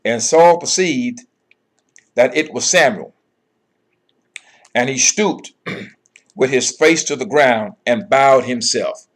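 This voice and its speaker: A man teaching from scripture in a steady mid-range voice. He reads a verse, then breaks it down with emphatic, repetitive commentary. He keeps checking in with "okay" and "all right.". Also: medium pitch, slow, long pauses. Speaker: Bible teacher.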